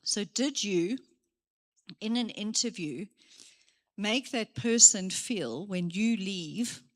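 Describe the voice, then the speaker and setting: A woman giving a motivational career talk to young people, lively and acting out her examples. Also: medium pitch, slow pace. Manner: lively, acts out examples, moves around while speaking. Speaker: career day speaker. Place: church hall.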